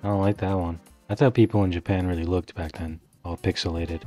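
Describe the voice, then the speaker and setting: A young man casually commentating his video game playthrough, swearing freely, laughing often and bursting into excited outbursts. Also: low voice, fairly quick, faint music behind. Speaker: gaming streamer. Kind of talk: casual let's play commentary.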